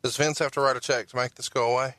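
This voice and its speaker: A man's voice: mid-range voice, fairly even intonation, fast, a bit bright, no echo. A man co-hosting a podcast in a casual chat, pressing his guest with joking, pushy questions. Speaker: podcast co-host.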